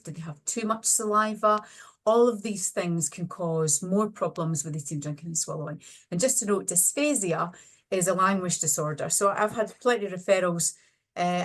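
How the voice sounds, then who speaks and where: Low-voiced woman explaining clinical slides. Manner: explanatory, practical, talks through slides with examples. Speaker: speech and language therapist presenting a webinar. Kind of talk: online webinar lecture.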